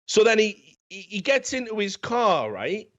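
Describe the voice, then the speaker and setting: A man's voice: sits high, big pitch swings, unhurried, fairly bright tone. A man hosting a casual comedic film review, telling the story in a rambling, profane way. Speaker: film review podcast host. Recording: dull, lo-fi sound.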